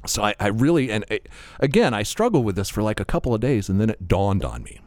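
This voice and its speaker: A middle-aged man tells a story with a lively, swinging pitch and frequent laughter. The sound is dry and close. He talks in a relaxed, conversational way. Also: quick pace, no echo. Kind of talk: casual chat.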